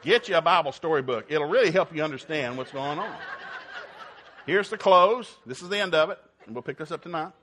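A man's voice: on the high side, brisk, a bit bright. A man preaching a sermon, retelling Bible stories in a folksy, humorous way and acting out the characters. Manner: folksy storytelling with acted-out voices.

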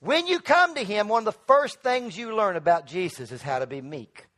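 A middle-aged male pastor preaching a sermon in church, calling on the congregation to answer back and building to loud emphatic peaks. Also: high-pitched, lively intonation, moderate pace. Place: church sanctuary.

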